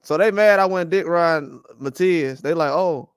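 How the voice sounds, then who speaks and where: A man's voice: fairly high pitch, normal speed, clear, resonant tone, no echo, clean studio sound. A man hosting a boxing channel, giving casual, rambling commentary and trash talk. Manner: animated, rambling trash talk with frequent laughs.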